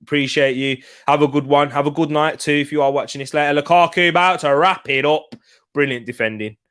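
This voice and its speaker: A man's voice: fairly high pitch, brisk, fairly bright tone, clear, resonant tone. A young man from the West Midlands of England, hosting a live football watch-along in an upbeat, chatty way and thanking viewers by name. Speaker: live stream host.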